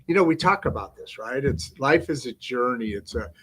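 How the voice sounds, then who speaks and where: A man's voice: medium pitch, expressive, normal speed, fairly bright tone, slightly rough. A man hosting a live interview show, talking in a rambling, enthusiastic way full of asides and restarts. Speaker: talk show host. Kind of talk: casual live interview chat.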